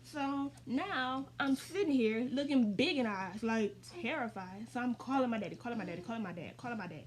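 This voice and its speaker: A woman's voice: a little high, brisk. A woman in her twenties telling a personal story in a casual, rambling way, full of fillers and calling her viewers y'all. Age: 20s. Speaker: vlogger.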